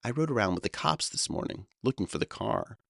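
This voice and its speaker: A cool-headed teenage boy from an audiobook memoir, sardonic and conspiratorial, as a man reading the book puts him on. The voice is deep, and it is recorded close and dry. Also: very animated, a little fast, vocal fry, a bit bright, no room sound, full character voice. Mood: sly. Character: 14-year-old boy friend, cool and sly.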